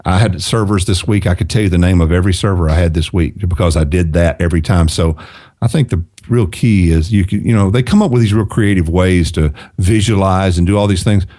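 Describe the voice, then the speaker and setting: A man's voice: deep voice, a little fast, mellow, dry recording, clean studio sound. A middle-aged man who is a guest on a podcast, giving earnest advice in casual conversation and repeating phrases for emphasis.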